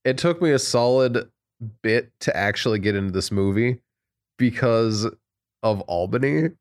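A man co-hosting a casual podcast, recounting stories with a wry edge. His voice sits at an average pitch. His delivery stays easygoing. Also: lively intonation, moderate pace. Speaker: podcast co-host. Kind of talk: casual film discussion.

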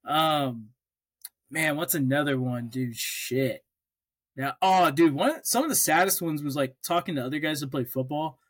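A man's voice: fairly high pitch, lively intonation, measured pace, no echo. Swearing young man, dry close sound. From Oklahoma. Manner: storytelling, swears freely, restarts often. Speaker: podcast co-host. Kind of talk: casual chat.

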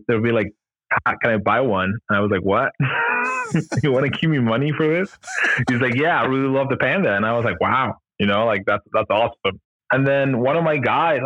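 A man's voice: mid-range voice, no echo, narrow, tinny audio. A man telling his story as a podcast guest in a loose, rambling way, full of "like" and "you know", often laughing at himself. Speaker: podcast guest, gear company founder. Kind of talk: casual storytelling in an interview.

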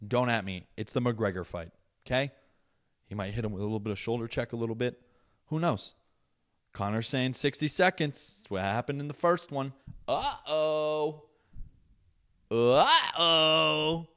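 A young man hosting his own podcast, ranting alone in a profane, sarcastic and animated way. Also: mid-range voice, a little fast. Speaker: podcast host. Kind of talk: solo podcast rant.

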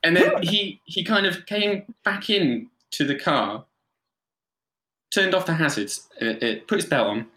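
A man with a fairly high voice and a slightly slow delivery, a photographer appearing as a podcast guest, tells anecdotes casually. He's animated, full of fillers, and acts out other people's voices. The recording has a roomy echo.

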